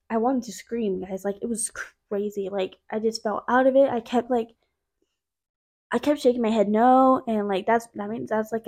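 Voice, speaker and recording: A woman's voice: medium pitch, darkish tone. A young woman hosting a podcast, telling a personal faith testimony in a casual, chatty way, with many fillers and asides to her listeners. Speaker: podcast host.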